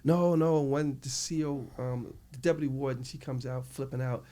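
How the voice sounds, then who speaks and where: A middle-aged man with a New York accent, telling his story as an interview guest in an animated, casual way, acting out the people he quotes. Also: mid-range voice, moderate pace.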